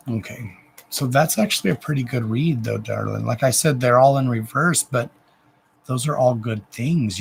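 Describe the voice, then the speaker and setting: Male psychic on a live stream, gentle, repetitive, emotional, mid-pitched, faint background noise. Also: vocal fry, low-quality recording. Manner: gentle, soothing, addresses viewer with endearments; repetitive, emotional, self-interrupting. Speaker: psychic reader giving oracle card readings. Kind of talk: live-stream card reading.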